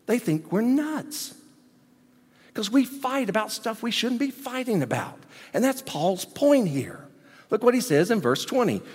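A man preaching a sermon as pastor, animated, swinging between loud emphasis and quiet asides. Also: sits high, breathy edge. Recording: long hall reverb.

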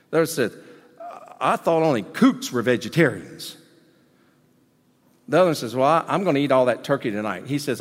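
Animated preacher man in a hall. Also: a little fast. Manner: animated preaching, swinging between loud emphasis and low asides. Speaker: pastor. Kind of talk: sermon. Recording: long hall reverb.

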